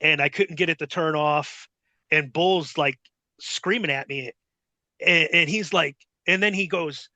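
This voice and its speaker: A middle-aged man tells a rambling, swear-filled story in a casual interview. His voice sits high and bright, with a forceful edge. The sound is dry and close, with no room around it. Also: measured pace, no echo. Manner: profane, rambling, animated retelling. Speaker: guest.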